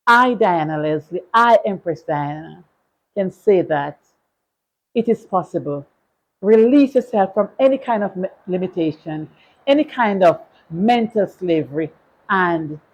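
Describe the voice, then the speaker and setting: A Jamaican woman in her sixties giving an inspirational speech, slow and deliberate, building to forceful declarations. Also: mid-range voice, low-quality recording. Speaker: motivational speaker.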